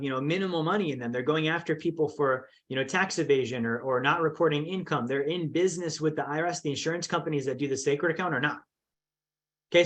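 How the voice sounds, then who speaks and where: A man teaching a finance course, emphatic and repetitive, often checking in with the listener. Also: a little high. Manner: emphatic, repeats points with "okay" and "right". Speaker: financial educator. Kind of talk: explanatory course talk.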